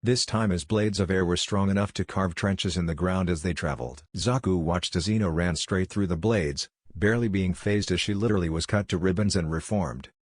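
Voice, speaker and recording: A man with a very low voice narrates a fan story. His reading is plain and even, with a dry, close sound. There is no room echo. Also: brisk, few pauses.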